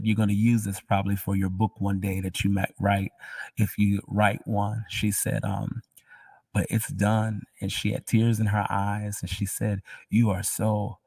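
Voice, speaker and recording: A man telling his personal faith testimony in an emotional, halting way, often dropping to a near whisper. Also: on the low side, creaky, a little mellow, husky, dry recording, distant mic.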